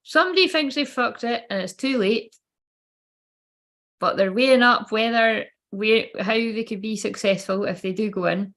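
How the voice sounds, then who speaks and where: A woman's voice: on the high side, normal speed, a bit bright. A woman giving a casual, rambling livestream tarot reading, swearing freely and feeling unwell and tired. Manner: chatty, swearing, rambling asides. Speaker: tarot card reader.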